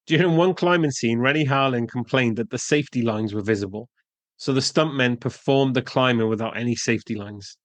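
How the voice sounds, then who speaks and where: A man's voice: mid-range voice, a little fast, no echo. Guy reading out movie trivia, mid voice, dead dry sound. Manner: reads out film trivia, dry asides. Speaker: podcast co-host. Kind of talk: casual film podcast chat.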